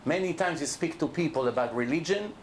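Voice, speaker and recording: A middle-aged male rabbi delivers a lively Torah lecture to a live audience, speaking emphatically and firing questions at listeners. His voice is fairly high and a little fast, with slight background noise.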